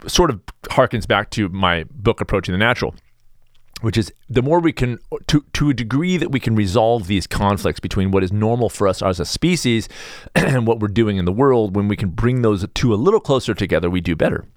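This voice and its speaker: A middle-aged American man hosting a podcast, talking in a blunt, sarcastic, animated monologue. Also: lowish voice, brisk, no echo, clean studio sound. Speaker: podcast host. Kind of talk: casual opinionated monologue.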